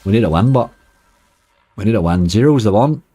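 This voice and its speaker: A man's voice: on the low side, expressive, fairly quick, mellow, slightly rough. A man with a Northern Irish accent giving chatty live-stream commentary on casino games, talking to his chat and groaning at near misses. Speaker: slots streamer.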